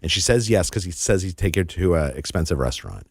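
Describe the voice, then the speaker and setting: A man appearing as an author guest in an interview, telling a story with animated energy and often repeating words as he goes. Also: deep voice, fast, breathy edge, dry recording, studio quality.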